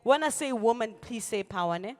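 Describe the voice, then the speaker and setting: A woman, a singer and speaker, chatting casually to a live audience in a drawn-out way. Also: fairly high pitch, animated, darkish tone, no room sound.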